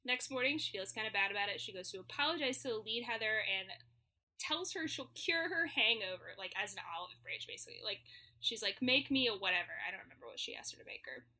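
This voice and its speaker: A woman's voice: mid-range voice, expressive, fast, sharp tone. A woman co-hosting a podcast, chatting casually and laughing often as she recaps a musical. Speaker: podcast co-host. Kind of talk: casual chat summarizing a musical.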